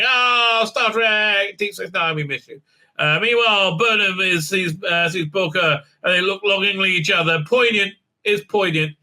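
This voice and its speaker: A man's voice: on the high side, sharp tone. A man giving a casual, sarcastic recap of a TV episode, mocking the scenes and stumbling through lots of fillers and restarts. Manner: mocking, acts out scenes with put-on voices; halting, many fillers and restarts. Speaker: show reviewer.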